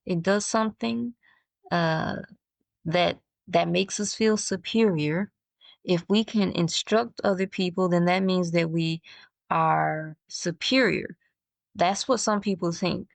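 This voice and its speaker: A woman's voice: on the low side, creaky, dry recording. A woman hosting her own podcast, talking through her thoughts in a reflective monologue and often stopping to search for words. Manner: thinks out loud, halting and searching for words. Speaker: podcast host.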